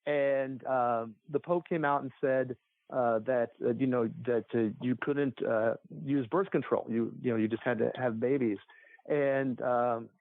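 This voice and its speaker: A man talks casually on a podcast, wandering through his points with many fillers and restarts. His voice sits in a middle pitch. The sound is thin and phone-like and dry. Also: fairly even intonation, measured pace, dry recording. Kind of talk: casual chat. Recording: tinny phone-like line.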